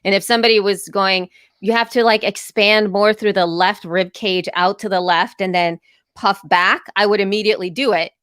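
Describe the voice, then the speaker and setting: A woman co-hosting a podcast, talking in animated, storytelling casual chat. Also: medium pitch, moderate pace, dry recording, clean studio sound. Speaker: podcast co-host.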